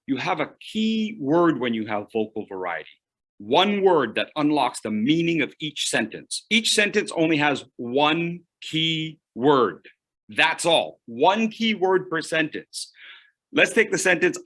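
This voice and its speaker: Animated, playful male speaking coach. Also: a little high. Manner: dramatic pauses, playful, swings from loud to hushed. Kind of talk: online speaking workshop.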